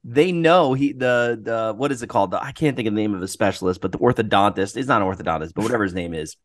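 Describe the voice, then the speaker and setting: A man co-hosting a casual podcast chat, telling rambling stories and clearing his throat often. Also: lowish voice, quick pace. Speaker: podcast co-host.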